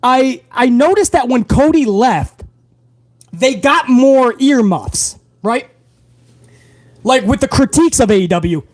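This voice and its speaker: A man hosting a live wrestling talk stream, ranting loudly and swearing freely. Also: very high-pitched, lively intonation, takes it slowly, dry recording. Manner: brash, loud, swearing. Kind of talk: profane live-stream rant.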